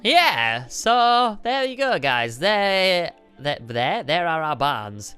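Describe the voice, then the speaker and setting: A man's voice: a little high, very animated, takes it slowly, bright, forceful tone, clean tone. A man co-hosting a gaming video, rambling casually and poking fun at himself. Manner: rambling, self-mocking. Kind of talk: casual gameplay chat. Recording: light background music.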